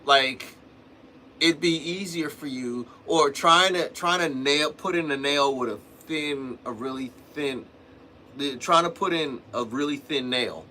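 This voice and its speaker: Slightly high and a little slow, the man's voice is bright and forceful, with slight background noise. He hosts a livestream and gives a casual, rambling drumming lesson, repeatedly restarting sentences and slipping in "man" and "you know."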